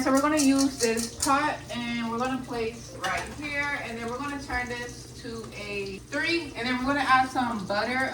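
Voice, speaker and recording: Her voice a little high, a young woman jokes and swears her way through a home cooking vlog, explaining each step as she goes. The rough recording comes from a phone on a charger set far from the stove.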